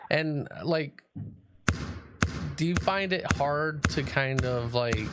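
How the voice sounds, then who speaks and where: A man hosting an online radio talk show, interviewing a guest in a relaxed, joking way with many fillers. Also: a little high, slow, very noisy. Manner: joking, laid-back, lots of fillers. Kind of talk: casual interview chat.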